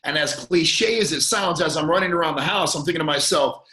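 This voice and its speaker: As a podcast guest, an earnest man recounts a painful personal story, stumbling through restarts and repeated words, his voice catching with emotion and choking up at moments. His voice is a little high, bright and forceful, and he speaks briskly. The room gives the sound an echo.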